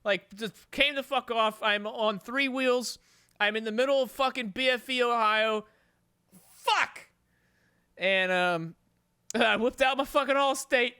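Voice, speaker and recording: A man's voice: very high voice, unhurried, smooth, no room sound, clean studio sound. A man hosting a podcast, telling a long story casually with constant swearing and rambling asides. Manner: profane, rambling, animated storytelling. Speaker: podcast host.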